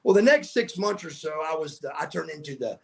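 A middle-aged man tells stories as a podcast guest, bright in pitch and with a gravelly edge to his voice. He acts out the voices of the people in his stories. A faint hiss sits behind him. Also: a little fast. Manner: animated storyteller who acts out quoted voices. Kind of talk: casual storytelling.

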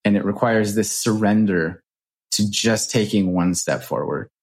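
A man in his thirties, a podcast guest and author, telling reflective stories in an earnest, animated way with casual swearing. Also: lowish voice, unhurried. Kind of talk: reflective storytelling.

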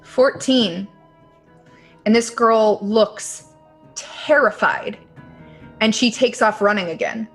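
A woman running a tabletop game as game master, calmly describing scenes. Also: fairly high pitch, slow, long pauses, faint music behind, rough recording. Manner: calm, descriptive.

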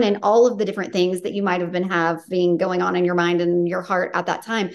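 Talking a little fast and with few pauses, a woman with a level, low-ish voice hosts a casual podcast interview. She is a podcast host and author, and she grows emotional as she heaps heartfelt praise on her guest.

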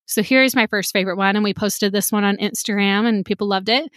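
A woman's voice: mid-range voice, fairly quick, fairly bright tone, dry recording, studio quality. A woman hosting a podcast about teaching, chatting in an upbeat, casual way and breaking into short jingles and chants.

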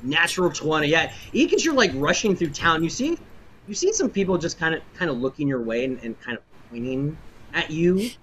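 A man's voice: a little high, very animated, fairly quick, fairly bright tone, slight background noise. Rambling man running a tabletop game. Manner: rambling, filler-heavy narration. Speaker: game master.

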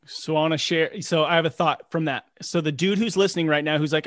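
A man's voice: on the high side, fast talker, a bit bright, no room sound, clean studio sound. A man hosting a podcast conversation, talking in an earnest, encouraging way as he leads the discussion. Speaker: podcast host.

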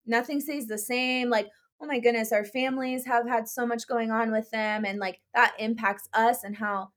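A young adult woman co-hosting a podcast in casual chat, talking in a relaxed way full of "like" and "you know". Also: on the high side, normal speed. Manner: chatty, many fillers like "like" and "you know". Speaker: podcast co-host.

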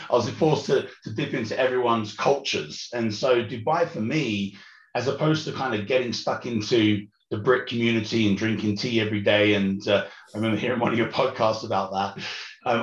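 A man in his thirties with a London accent carrying a slight Australian and South African twang, a podcast guest who talks chattily with many ums and restarts. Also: lowish voice. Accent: British, London, with slight Australian and South African twang. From West London, England. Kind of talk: conversational interview. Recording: roomy, dull remote audio.

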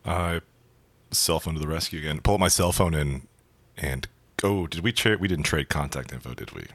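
A man's voice: extremely low pitch, normal speed, fairly bright tone, no room sound. A man playing a tabletop game, chatting casually and correcting himself as he goes. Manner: hesitant, self-correcting. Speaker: player.

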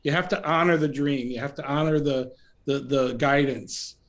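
Calm man musing with many restarts. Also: medium pitch. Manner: gentle, unhurried, many restarts and fillers. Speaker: podcast guest, author. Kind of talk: reflective interview talk. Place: remote call from home.

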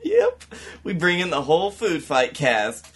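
A man's voice: on the high side, wildly swooping pitch, unhurried, a bit bright, husky. A man co-hosting a comedy podcast, adding jokes in a dry, matter-of-fact way during casual chat. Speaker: podcast co-host.

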